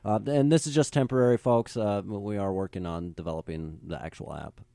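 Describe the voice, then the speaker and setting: A man's voice: on the low side, brisk, vocal fry, mellow, dry recording, studio quality. A man from the upper Midwest, a guest on a podcast, talking in a laid-back, plainspoken way. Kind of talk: casual podcast chat.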